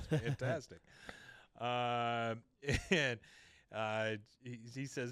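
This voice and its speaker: This podcast host speaks very slowly with long pauses, his medium-pitched voice clean in tone, as he casually goes over a cartoon episode. Lively in his retelling, he voices each character's lines differently. The recording is dry.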